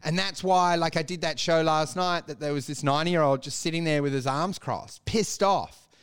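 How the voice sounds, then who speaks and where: A man with a high-pitched voice co-hosts a podcast in loose, joking conversation. He rambles through absurd stories and slips into quick impressions of the people in them. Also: clear, resonant tone. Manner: rambling, jokey, acts out voices. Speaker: podcast co-host. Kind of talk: casual comedic chat.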